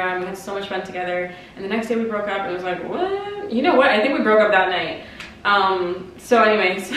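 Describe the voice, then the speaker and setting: A woman's voice: mid-range voice, fairly bright tone, a little hiss or hum. A woman in her twenties giving candid breakup advice in an emotional, confiding way, with frequent "like" and casual swearing. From Canada. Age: 20s. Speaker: vlogger. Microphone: compact camera mic. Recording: echoey room, somewhat far from the mic.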